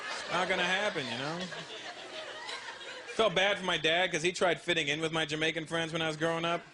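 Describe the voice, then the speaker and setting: A man's voice: fairly high pitch, steady tone, brisk, a loud crowd, very noisy. A man doing a stand-up routine, brash and teasing, laughing between jokes on a live stage. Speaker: stand-up comedian. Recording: live show with loud audience.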